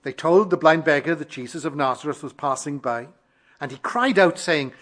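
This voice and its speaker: A man preaching a sermon, emphatic and fervent, building repeated phrases in a measured cadence. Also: a little high, lively intonation. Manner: fervent, emphatic, swells louder on key phrases.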